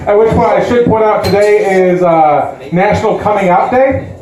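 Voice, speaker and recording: A man's voice: sits high, a little fast, crowd noise. A man from Chicago doing a self-deprecating stand-up comedy set, with many likes and uhs. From West Side Chicago. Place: comedy club stage. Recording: echoey comedy club sound. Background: audience laughter.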